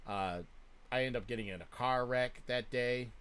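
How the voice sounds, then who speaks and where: A man in his thirties, telling a story in casual chat, with frequent swearing and loud bursts of laughter. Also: medium pitch, normal speed, clean tone. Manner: swears a lot and laughs loudly. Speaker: streamer.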